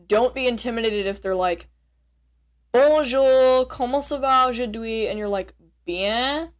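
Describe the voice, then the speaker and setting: In a casual vlog, a young woman with a medium-pitched voice teaches basic French phrases, giggling, rambling, and poking fun at herself.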